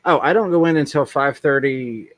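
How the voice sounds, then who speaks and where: A man's voice: mid-range voice, normal speed, a bit bright, no echo. A man hosting a casual livestream, reading chat aloud and rambling with many ums. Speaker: livestream host.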